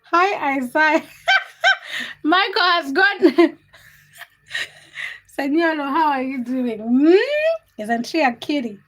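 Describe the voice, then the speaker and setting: Hosting a casual livestream, a young woman with a high, bright voice reads the comments and addresses viewers by name. She teases and giggles, speaking slowly with long pauses.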